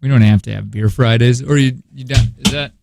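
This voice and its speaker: A man's voice: medium pitch, steady tone, fairly quick, creaky, background noise. A man hosting a morning radio show, joking and laughing often through rambling casual banter in a studio. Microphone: studio microphone.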